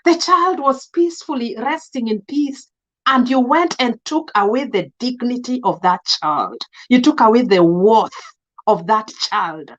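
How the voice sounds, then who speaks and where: A woman's voice: a little high, animated, measured pace, lo-fi sound. A Kenyan woman, around her thirties, giving an emotional, scolding vlog monologue. She repeats herself and keeps switching between English and Swahili. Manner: indignant, scolding. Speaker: vlogger. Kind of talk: impassioned commentary monologue.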